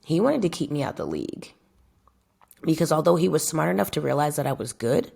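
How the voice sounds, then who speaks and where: A young woman with a low voice and a gravelly, fry-laced edge tells a casual vlog story. She talks straight to her viewers in a chatty way and drives points home by repeating phrases. She speaks as a footballer describing her own career. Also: animated, brisk, warm tone. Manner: emphatic, repeats phrases for effect; addresses viewers directly and chattily.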